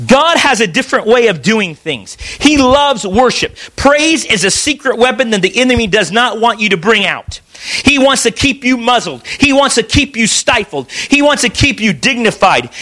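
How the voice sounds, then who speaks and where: A man's voice: high voice, bright, forceful tone, rough recording. A man preaching a sermon in church, reading scripture aloud and pressing his points with emphatic restarts. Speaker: pastor.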